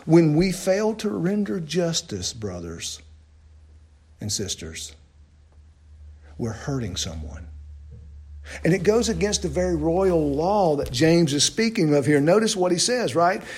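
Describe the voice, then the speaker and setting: A man preaching a sermon, asking his listeners loud questions and dropping to low, hushed lines. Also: very animated, measured pace, long pauses, slightly rough.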